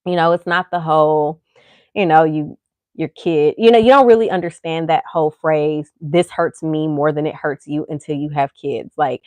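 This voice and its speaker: Low-voiced woman in candid chat. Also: normal speed, darkish tone, dry recording. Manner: candid, rambling, full of "you know" asides. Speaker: podcast host and mother. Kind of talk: casual chat.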